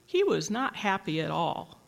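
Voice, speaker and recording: A teacher reading a picture book aloud in a gentle, measured storytelling manner. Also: mid-range voice, very animated, gravelly.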